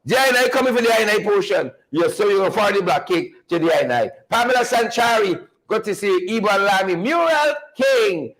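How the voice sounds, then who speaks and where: A Guyanese man hosting a livestream, greeting viewers one by one by name in a playful, animated way. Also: sits high, moderate pace, hardly any pauses, rough recording. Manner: animated, playful, repeats phrases for emphasis. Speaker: livestream show host.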